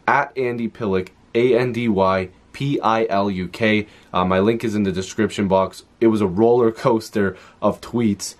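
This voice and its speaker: A young man recapping a hockey game in a casual, excitable way, full of fillers and quick asides. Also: on the low side. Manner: excitable, talks fast with frequent fillers. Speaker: hockey vlogger.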